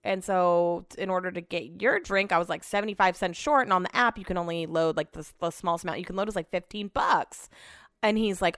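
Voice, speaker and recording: Smooth-voiced chatty woman telling stories. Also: on the low side, fairly quick, fairly bright tone, dry recording, studio quality. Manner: chatty, retells conversations with lots of "I was like"; blunt, swears casually. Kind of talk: casual storytelling monologue.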